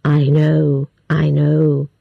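A woman's voice: low voice, completely flat delivery, extremely slow, creaky, dry recording, muffled recording, voice pushed down, full character voice. A woman voicing a mean, pushy older man who insists on marrying a girl. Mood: smug.

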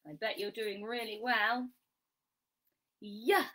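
In a bright, crisp, fairly high and expressive voice, a woman teaches children phonics. She takes her time, carefully sounding out every letter slowly and clearly, and lavishes sing-song praise on her viewers.

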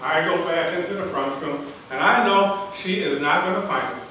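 With a bright, forceful, rather high voice at a normal speed, an older man gives a prepared speech at a contest, telling a personal story earnestly and dramatically. The distant mic renders the large hall echoey, with faint ambience.

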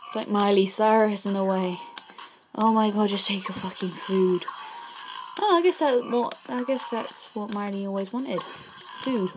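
A woman hosting a gaming channel gives let's play commentary, getting easily frustrated, blurting out exclamations and swears at the screen, then apologizing. Her medium-pitched voice has fairly even intonation and a moderate pace, over a noisy background.

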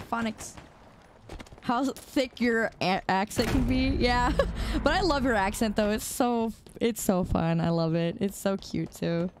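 A chatty young woman streams a shooter game, talking casually to her chat and laughing often. Her pitch sits in the middle for a woman. Steady clicking noise sits clearly behind her voice. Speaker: live streamer. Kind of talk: casual live-stream chat while gaming.

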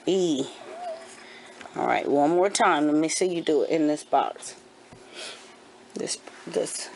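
A woman in her forties, a homeschooling mother, gently coaching her kindergartner through a handwriting lesson at home and repeating each step patiently. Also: low voice, takes it slowly, vocal fry, pauses often, slight background noise. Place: at home indoors.

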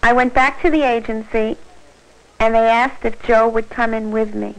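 A woman's voice: on the high side, fairly even intonation, normal speed, lightly acted, low-quality recording. An actress voicing a scared pregnant teenage girl, narrating her story in earnest, plain first-person narration for an old educational film.

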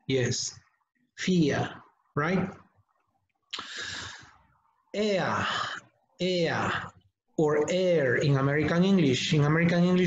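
A man teaching English pronunciation in an online webinar, modeling words slowly and deliberately for students to repeat. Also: sits high. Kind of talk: online webinar lesson, drilling sounds. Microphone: computer mic on a video call. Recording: echoey, dull lo-fi webinar audio.

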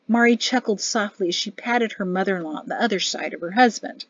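A woman narrating an audiobook in a measured storytelling voice. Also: mid-range voice, dry recording, dull audio. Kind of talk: scripted narration.

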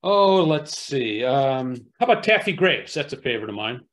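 A man's voice: medium pitch, very animated, normal speed, a bit bright. Easygoing man explaining casually. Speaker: co-presenter. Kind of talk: casual talk.

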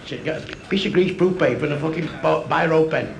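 A man's voice: fairly high pitch, fast, creaky, crowd noise. A man with a Mancunian accent doing a crude stand-up comedy routine, chuckling at his own punchlines.

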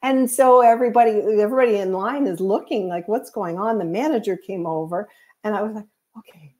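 A woman's voice: medium pitch, fairly quick, darkish tone. A woman, a psychic medium guest, chatting casually and telling stories with acted-out quotes. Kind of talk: casual storytelling chat.

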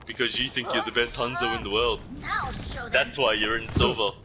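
A man's voice: medium pitch, flat delivery, moderate pace, very noisy. A man ranting sarcastically at a teammate in online game voice chat, swearing heavily. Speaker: gamer streamer. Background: loud game music.

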